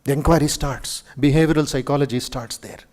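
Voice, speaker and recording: A monk with an Indian English accent giving a lively spiritual lecture to students in a university auditorium, telling stories with dramatic flair. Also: male voice, mid-range voice, fairly quick. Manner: animated storyteller, acts out quoted speech, chuckles.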